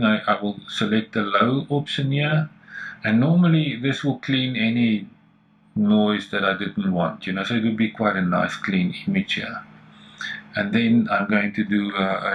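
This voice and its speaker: A man's voice: fairly low pitch, highs cut off. A man teaching photo editing, talking enthusiastically and thinking aloud as he adjusts settings. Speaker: photography tutor. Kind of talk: screen-recorded editing tutorial.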